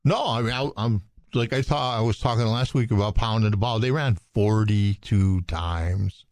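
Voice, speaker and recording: Low-voiced young man talking football stats. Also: a little mellow, dry recording. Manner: stat-focused, quick, earnest. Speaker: radio sports show co-host. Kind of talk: casual sports analysis. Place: radio studio.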